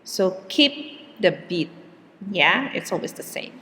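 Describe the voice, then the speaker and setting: A woman teaching an English lesson, speaking example sentences slowly and deliberately, with hesitant fillers between points. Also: fairly low pitch, big pitch swings, bright, forceful tone. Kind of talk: recorded classroom lesson. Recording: faint room reverb and background hiss.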